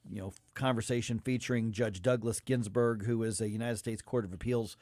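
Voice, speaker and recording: A man's voice: lowish voice, fairly even intonation, brisk, darkish tone, no room sound. A man hosting a morning radio talk show, chatting casually with wry, joking banter in a studio. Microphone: studio microphone.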